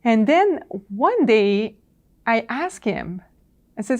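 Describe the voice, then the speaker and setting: A woman's voice: fairly high pitch, big pitch swings, measured pace. A woman presenting a professional training talk. She speaks conversationally with fillers and acts out dialogue from her stories.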